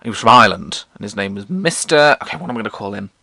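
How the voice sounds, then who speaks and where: Young English man, posh accent, sardonic sweary vlogger; bright voice, very animated pitch. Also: very fast, gravelly, dry recording. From England. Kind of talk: casual storytelling monologue.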